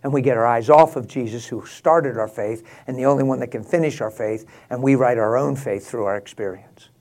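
A man preaching a sermon, rising to passionate, laughing exclamations and dropping to a hushed prayerful tone. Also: mid-range voice, brisk. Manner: drops to a hushed prayerful tone near the end.

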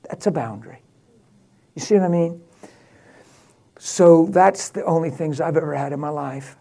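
A man's voice: a little high, normal speed, gravelly, pauses often, warm tone. An older man, a pastor, telling stories in an emphatic, candid and emotional way. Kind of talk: casual storytelling talk.

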